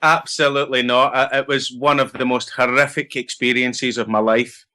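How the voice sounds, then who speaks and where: A man's voice: mid-range voice, steady tone, normal speed, sharp tone. A middle-aged Scottish man, an actor answering interview questions in a chatty, rambling, self-deprecating way. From Scotland. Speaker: actor guest.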